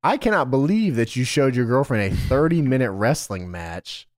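A man's voice: mid-range voice, very animated, normal speed, a little mellow, no echo, studio quality. A man co-hosting a casual wrestling podcast, recapping shows with frequent laughs, swearing and mock quotes. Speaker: podcast co-host.

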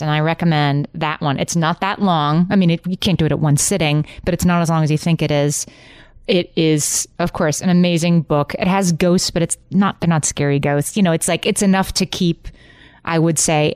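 A woman's voice: sits low, darkish tone, smooth, no echo, clean studio sound. A woman co-hosting a casual chat, laughing easily as she talks. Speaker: podcast co-host, actress.

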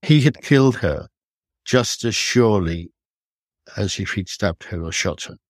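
An older man, a retired police detective, recounting his cases in an earnest, measured, reflective way as a guest on a podcast. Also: fairly low pitch, expressive, dry recording.

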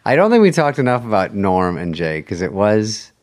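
Recorded with no echo, a middle-aged late-night host appears as a podcast guest, speaking in a lowish voice at a moderate pace. He chats casually and tells animated stories, acting out the quotes.

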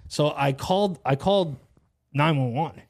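A young man hosting a podcast tells a long story in casual chat, rambling and swearing with plenty of slang. His voice is a little high and a little mellow, at a moderate pace.

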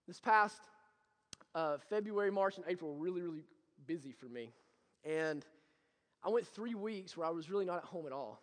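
High-voiced male preacher in a reverberant hall. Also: animated, moderate pace, long pauses. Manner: swings from quiet storytelling to loud impassioned preaching. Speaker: pastor. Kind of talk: sermon. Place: church sanctuary.

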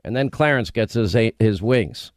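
A middle-aged man hosting a radio talk show, telling stories in a rambling, animated way. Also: fairly low pitch, unhurried, no room sound, studio quality. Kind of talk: casual talk radio banter.

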